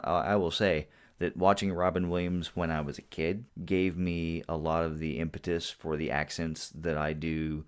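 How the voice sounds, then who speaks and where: A man in his forties talks in a casual podcast chat with a very low voice. He speeds up in animated bursts and chuckles at his own jokes. He sounds relaxed and enthusiastic. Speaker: podcast co-host.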